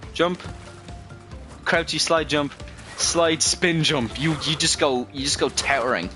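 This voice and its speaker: Bright-voiced, rambling male game streamer. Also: on the high side. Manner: rambling, profane, frequent self-corrections. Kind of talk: casual gameplay commentary.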